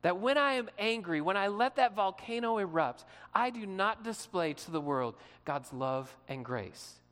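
Pastor preaching a sermon, conversational and direct, mid-pitched, with long hall reverb. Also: lively intonation, measured pace, a bit bright. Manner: conversational preaching, asks the listeners questions.

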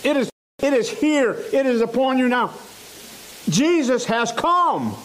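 A man preaching a sermon in a church, slow and emphatic, repeating phrases for stress. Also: very high-pitched, lively intonation, a bit bright, poor audio.

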